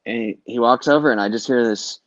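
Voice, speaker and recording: Fairly quick and fairly bright, a middle-aged man's mid-range voice rambles through long concert-trip stories in casual podcast talk. He swears freely and acts out people's quotes. The recording is dry and dull.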